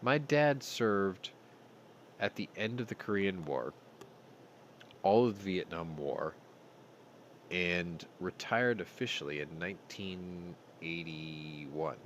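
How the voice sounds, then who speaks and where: A man's voice: low voice, animated, slow pace, pauses often, a little hiss or hum. Profane, heated male news commentator. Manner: blunt and profane, speaks with anger. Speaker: host.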